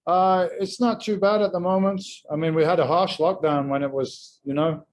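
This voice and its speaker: Relaxed man telling stories at a steady pace. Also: high-pitched, a little hiss or hum, low-quality recording. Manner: relaxed, measured storytelling with frequent fillers. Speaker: guest. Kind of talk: casual video-call interview.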